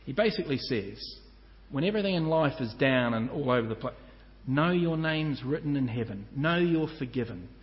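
A man preaching a sermon as pastor, earnest and measured, slowing down to stress each point of a list. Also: medium pitch, animated. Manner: earnest, measured preaching with slow emphatic lists. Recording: muffled church hall with long reverb.

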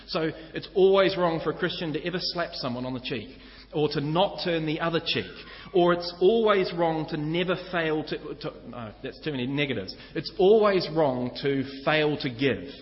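Earnest New preacher in an echoey hall. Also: male voice, on the high side. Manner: earnest teaching, direct address to listeners. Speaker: pastor. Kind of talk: sermon. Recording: echoey hall, slightly dull sound.

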